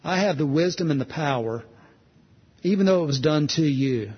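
A man preaching who voices the Lord speaking gently and patiently to a believer, in a calm, reassuring tone, softer and lower than his plain preaching. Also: normal speed, husky, big-room sound, dull audio. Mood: gentle, reassuring.

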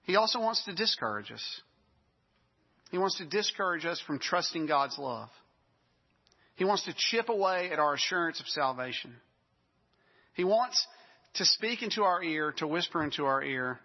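A man's voice: a little high, expressive, moderate pace, pauses often, breathy edge, big-room sound, dull audio. A man preaching a sermon in a conversational way, with self-deprecating asides.

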